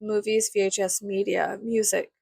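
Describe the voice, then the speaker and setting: A woman's voice: mid-range voice, little pitch movement, normal speed, gravelly, darkish tone, husky, no echo. A young woman from South Texas chatting casually to camera, rambling with lots of "like" and swearing freely. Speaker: vlogger.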